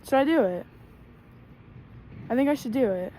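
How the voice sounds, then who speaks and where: Vlogging outdoors in deep snow, a woman narrates casually, chatty and exclamatory, mocking herself while out of breath. Her voice is mellow, a bit rough, and lively in intonation at normal speed. A tripod camera records her, sometimes from a distance, in a noisy outdoor setting with ambient sound.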